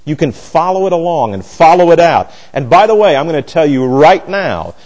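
A man leads a Bible class lecture with a blunt, emphatic delivery. His voice sits a little high for a man, and he often stops and restarts his sentences as he presses his points. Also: sing-song, normal speed, darkish tone, rough recording. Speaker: Bible teacher.

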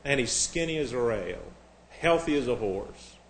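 A man's voice: medium pitch, lively intonation, normal speed, a little hiss or hum. A man preaching a sermon in a sarcastic, mocking way. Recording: echoey room.

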